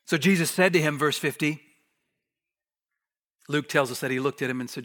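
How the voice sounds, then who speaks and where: A man preaching a sermon as a pastor, swinging from hushed near-whispers to raised, urgent lines and repeating words for emphasis. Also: a little high, normal speed, pauses often.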